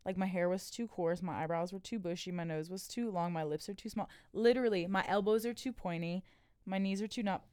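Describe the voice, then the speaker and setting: A woman's voice: lowish voice, a little fast, warm tone, clear, resonant tone, dry recording, studio quality. A young adult woman, a podcast guest, telling personal stories candidly with lots of "like" and laughter. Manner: candid storytelling with frequent "like" and laughs. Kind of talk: casual podcast chat.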